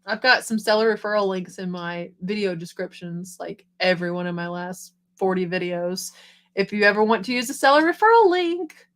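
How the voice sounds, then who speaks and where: A middle-aged woman hosting a live stream, chatting casually and quickly, reading viewer comments and encouraging them. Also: mid-range voice, a bit bright. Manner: fast-talking, upbeat and encouraging.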